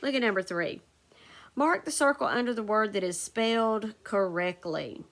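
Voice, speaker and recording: A woman teacher leading a recorded phonics lesson, dictating sentences slowly and spelling words out letter by letter. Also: medium pitch, animated. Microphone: recorded for a video lesson.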